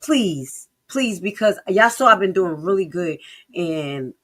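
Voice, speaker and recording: A woman streamer with reacts in heated, sarcastic bursts. She curses freely and drops from loud outbursts to low mutters. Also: slow pace. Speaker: live-stream commentator. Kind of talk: profane reaction commentary.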